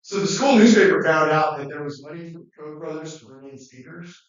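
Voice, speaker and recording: A man whose voice sits on the high side gives a classroom lecture at a fairly quick pace, conversational and rambling, full of fillers and false starts. The lecture-room audio sounds distant, muffled, and heavily echoed.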